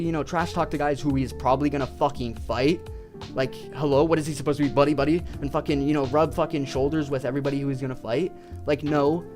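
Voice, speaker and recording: A young man ranting casually about his favorite fighters, swearing constantly and rambling. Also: fairly high pitch. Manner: profane, rambling, excitable. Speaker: video creator.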